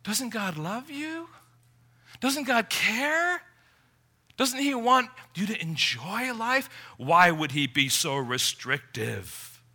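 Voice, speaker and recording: A preacher voicing sin as a sly tempter that coaxes with doubting questions. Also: male voice, sits high, very animated, slow, pushed and bright, voice pushed up, heavily acted. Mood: coaxing. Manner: coaxing, questioning.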